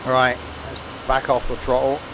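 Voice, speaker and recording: A man's voice: mid-range voice, monotone, measured pace, background noise. A man streaming a train simulator live, chatting and rambling as he counts off the stops. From England. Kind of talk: live game commentary.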